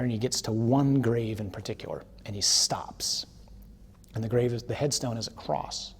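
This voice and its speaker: A man delivers a teaching sermon in a relaxed, storytelling way, checking in with his listeners through little tag questions. His voice sits in an ordinary middle pitch. When he reaches his main points, he swells into strong, emphatic preaching. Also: a little hiss or hum. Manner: casual and storytelling, with tag questions like "huh?" and "okay?"; builds to forceful emphasis.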